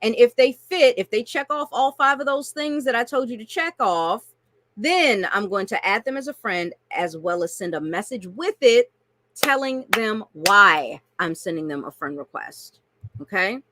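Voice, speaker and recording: A woman's voice: mid-range voice, expressive, normal speed, pushed and bright, no echo. Chatty woman coaching with constant check-ins. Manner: chatty, frequent "right?" and "okay?" check-ins. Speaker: online marketing coach. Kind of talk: screen-share tutorial.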